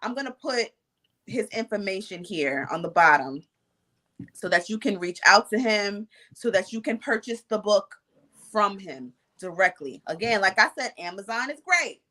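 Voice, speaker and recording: A woman hosting an interview, chatting casually with lively asides. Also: mid-range voice, normal speed. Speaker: host.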